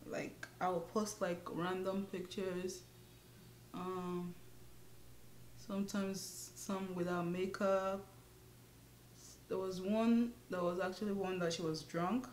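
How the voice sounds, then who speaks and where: A woman's voice: on the low side, little pitch movement, slow, echoey room, slight background noise. A young woman chatting casually while doing her makeup, laughing often. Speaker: beauty vlogger. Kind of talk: casual get-ready-with-me chat.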